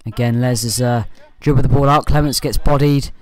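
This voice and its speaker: Male fan commentator, mid-pitched, loose amateur match voice-over, keeps moving on with "anyway". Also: fairly quick. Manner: rambling, leans on "anyway" and "uh" to move on; partisan, with excited bursts at good play.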